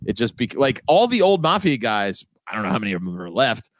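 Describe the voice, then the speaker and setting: A man's voice: mid-range voice, very animated, fairly quick, dry recording. A man co-hosting a podcast in casual chat, laid-back and joking, swearing casually. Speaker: podcast co-host.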